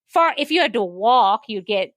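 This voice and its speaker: A woman's voice: fairly high pitch, expressive, moderate pace, a crowd in the background. A woman co-hosting a podcast, telling a story in casual chat with lots of filler words. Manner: rambling storyteller, many "like" fillers. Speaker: podcast co-host.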